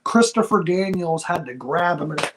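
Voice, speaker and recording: A man's voice: fairly high pitch, expressive, normal speed, background noise. A man co-hosting a wrestling review podcast, talking in an earnest, heartfelt, slangy casual chat. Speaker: wrestling show co-host.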